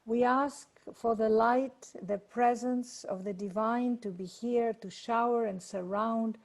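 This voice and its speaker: A woman leading a guided meditation and prayer over a video call, speaking in a slow, soothing way. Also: fairly high pitch. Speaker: workshop leader.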